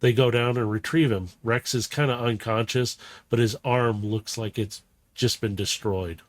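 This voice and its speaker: A man narrating a tabletop role-playing game as game master, in slow, halting description with many fillers. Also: medium pitch, fairly even intonation.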